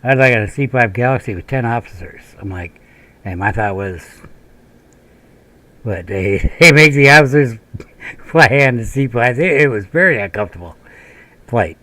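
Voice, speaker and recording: A man's voice: medium pitch, lively intonation, moderate pace, long pauses, bright, forceful tone. A man from Minnesota who hosts a gaming channel, telling a long, rambling, profane story while he plays. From Minnesota, USA. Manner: profane, rambling, laughs often.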